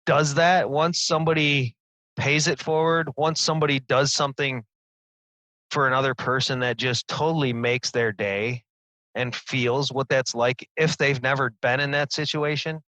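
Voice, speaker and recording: Upbeat man with a bright forceful voice. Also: mid-range voice, steady tone, normal speed, no room sound, poor audio. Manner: enthusiastic, laughs often, repeats words. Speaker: podcast co-host. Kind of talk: casual podcast chat.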